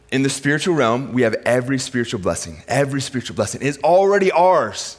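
A middle-aged male pastor preaching a sermon, swinging between loud emphatic lines and quiet intimate ones. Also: mid-range voice, big pitch swings, fast talker, breathy edge.

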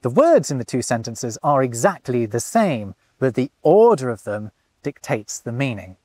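A man narrates a scripted explainer with plenty of enthusiasm, his pitch rising and falling in a lively way. The recording is close and dry, with no room sound. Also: moderate pace, no echo. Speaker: host.

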